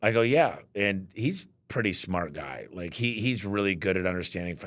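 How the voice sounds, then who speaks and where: A man's voice: low voice, normal speed. A man telling business stories in casual chat, acting out what others said to him. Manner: animated, quotes others in acted voices. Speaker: business owner guest. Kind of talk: casual storytelling.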